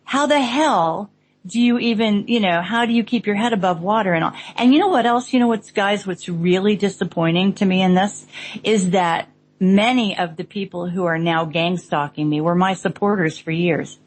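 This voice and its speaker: Woman on a roundtable, earnest, keeps restarting, mid pitch, bit of faint noise. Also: low-quality recording. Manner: halting, earnest, frequent restarts. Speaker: roundtable guest. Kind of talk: casual online roundtable chat.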